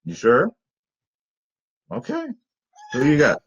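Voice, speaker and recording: Young male host, casual and jokey, middle pitch, riffs with his cat between picks. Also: lively intonation, moderate pace, fairly bright tone, lo-fi sound. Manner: chatty and joking, talks to his cat. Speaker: fantasy sports picks host. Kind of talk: casual chat.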